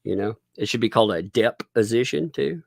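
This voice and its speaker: A man's voice: mid-range voice, lively intonation, brisk, vocal fry, dry recording, studio quality. A man hosting a casual livestream, rambling and laughing as he thanks viewers and reads chat. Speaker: livestream host.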